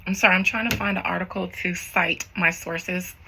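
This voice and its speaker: Woman tarot reader, gravelly and bright-edged; casual slangy rambling straight to camera. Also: on the low side, fairly even intonation, normal speed, a little hiss or hum, low-quality recording. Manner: rambling, slangy, talks to viewers directly. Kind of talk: casual spiritual reading vlog.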